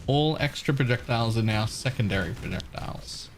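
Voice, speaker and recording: A man's voice: medium pitch, fairly quick, slight background noise. An Australian man casually chatting on a live game stream, reading out patch notes and musing about them with fillers.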